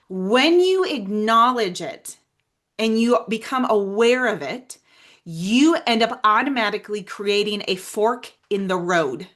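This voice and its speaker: A woman hosting a faith-based motivational podcast, talking earnestly and emphatically straight to her listeners, sometimes dropping to a soft hush for prayers. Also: medium pitch. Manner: earnest, emphatic, addresses listeners as "you guys". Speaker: podcast host.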